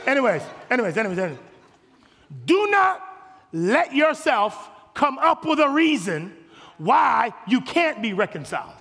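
Man, pastor: high gravelly voice, impassioned sermon in an echoey church hall. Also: big pitch swings, a little slow, long pauses, some chatter behind. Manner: impassioned preaching, swelling to shouts, calling on the congregation. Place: church sanctuary.

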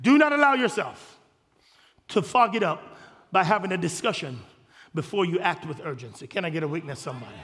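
A man preaching a sermon in a church, swelling to shouts and calling on his congregation. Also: high-pitched, lively intonation, fairly quick, big-room sound. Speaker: pastor. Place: church sanctuary.

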